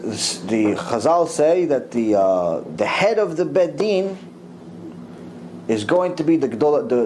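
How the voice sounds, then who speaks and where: Brief middle-aged rabbi, fairly high voice for a man, lively storytelling in a Torah lecture, a faint hiss behind him. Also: poor audio. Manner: animated storytelling, mixing in Hebrew religious terms.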